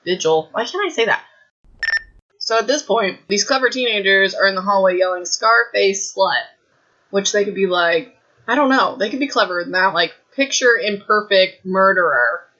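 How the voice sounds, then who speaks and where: A woman in her thirties with a raspy throat, hosting a podcast from her home and chatting in a rambling way, saying "like" a lot. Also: medium pitch, animated, normal speed, sharp tone. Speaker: podcast host. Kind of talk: casual chat about a book. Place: home room. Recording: dull lo-fi home recording.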